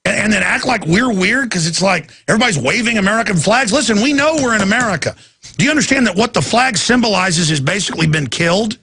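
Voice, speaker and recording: A middle-aged talk radio host, ranting hard and now and then breaking into a shout. His voice sits high for a man, with a bright, tense edge. It runs husky, with gravel and fry underneath. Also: expressive, fast talker. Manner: ranting, emphatic, sometimes shouting. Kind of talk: impassioned talk radio monologue.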